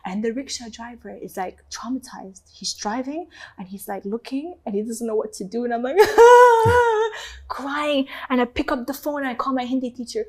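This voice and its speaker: Animated woman telling her story. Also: high-pitched, normal speed. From North Africa. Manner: animated, emphatic, acts out other people's voices; swears casually. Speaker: interview guest. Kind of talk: candid storytelling in an interview.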